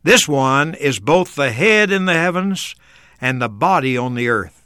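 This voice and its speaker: A man co-hosting a radio program, explaining a Bible passage in an earnest, measured teaching voice. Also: a little high, lively intonation, sharp tone, clear, resonant tone, no echo, studio quality.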